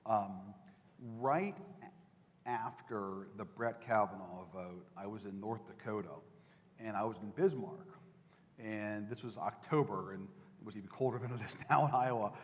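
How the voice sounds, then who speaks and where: A man's voice: on the low side, a little slow. A man, a political reporter, telling campaign stories to an audience in a conversational, anecdotal way, with fillers and restarts. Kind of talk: talk to an audience. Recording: echoey hall with long reverb.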